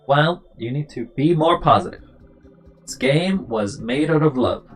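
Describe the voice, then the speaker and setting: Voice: mid-range voice, very animated, moderate pace, soft background music. A game streamer giving let's play commentary with sarcastic, laughing asides.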